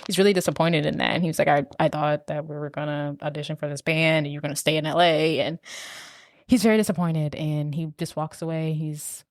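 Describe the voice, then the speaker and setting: Low-voiced woman recapping a movie. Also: fairly quick, no echo, clean studio sound. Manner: animated retelling, acting out lines in quotes. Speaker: podcast co-host. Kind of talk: casual movie recap chat.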